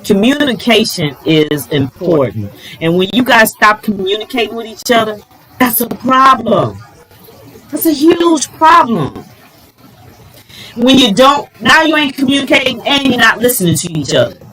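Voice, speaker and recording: A middle-aged woman giving relationship advice in a casual, animated vlog, exclaiming and talking straight to her viewers. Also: a little high, moderate pace, poor audio. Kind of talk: casual advice talk to camera.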